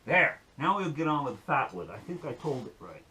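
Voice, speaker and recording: A man's voice: medium pitch, very animated, fairly quick, bright, forceful tone. A man giving a folksy, rambling demonstration and telling a joke on his channel. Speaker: outdoor-skills YouTuber.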